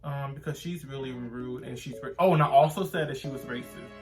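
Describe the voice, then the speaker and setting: A man casually telling a personal story to the camera, animated and rambling with frequent restarts. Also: mid-range voice, a little fast, faint music behind. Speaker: vlogger.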